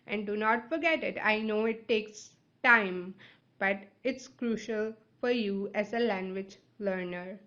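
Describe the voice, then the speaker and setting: A female teacher for whom English is a second language walks listeners patiently through an instructional video lesson step by step, frequently checking in with "right?" and "okay?". Her mid-range voice is fairly bright and a little slow, and the audio sounds slightly muffled.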